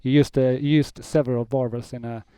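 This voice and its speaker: A man's voice: mid-range voice, level tone, fairly quick, mellow, smooth, no echo. A man being interviewed as a company's CEO, answering hesitantly with many fillers and restarts.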